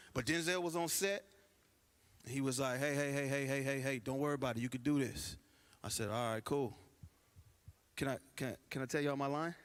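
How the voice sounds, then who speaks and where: A man doing a stand-up comedy routine with animated storytelling, acting out the voices of other people. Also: a little high. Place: church stage before a live audience.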